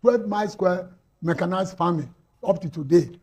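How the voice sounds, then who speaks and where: A man's voice: sits high, moderate pace, a little mellow, husky. A Nigerian man arguing hotly on a panel, firing rhetorical questions and repeating lines for emphasis. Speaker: panel guest. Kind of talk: heated panel debate.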